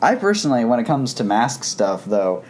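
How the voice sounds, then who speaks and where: A podcast co-host talks casually and enthusiastically about comic books, rambling and often restarting his sentences. His medium-pitched voice has a darkish tone, big pitch swings, and a moderate pace.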